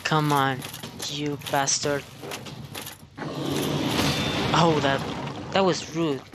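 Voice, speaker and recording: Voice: medium pitch, little pitch movement, slow, heavy background noise. A gamer casually narrating a play session, reacting aloud, swearing and calling out "mate" often. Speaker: gameplay commentator. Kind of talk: casual let's-play commentary. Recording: loud game music under voice.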